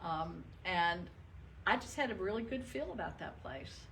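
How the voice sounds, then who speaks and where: A woman's voice: fairly low pitch, animated, moderate pace, fairly bright tone, a little hiss or hum, low-quality recording. An older woman from the northern United States, giving a chatty, self-deprecating talk and answering audience questions with frequent laughs. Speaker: retired state supreme court justice, guest speaker.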